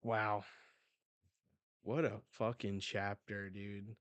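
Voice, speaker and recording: A man hosting a live manga reaction, retelling the chapter excitedly and swearing as he goes. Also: fairly low pitch, extremely slow, no echo.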